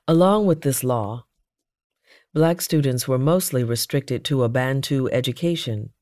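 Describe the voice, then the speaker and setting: A narrator reading their own first-person memoir aloud in a measured, earnest voice. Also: mid-range voice, darkish tone, no room sound, clean studio sound.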